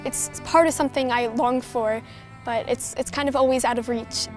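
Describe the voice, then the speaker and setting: Teen girl poet, high voice, soft earnest delivery, music bed underneath. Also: fairly even intonation, normal speed. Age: teens. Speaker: youth poet. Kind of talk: spoken word poetry and reflective interview.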